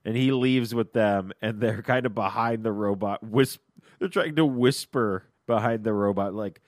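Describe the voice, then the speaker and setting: A man co-hosting a podcast in casual chat, laughing often and acting out scenes in quick voices. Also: on the low side, no room sound, clean studio sound. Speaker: podcast co-host.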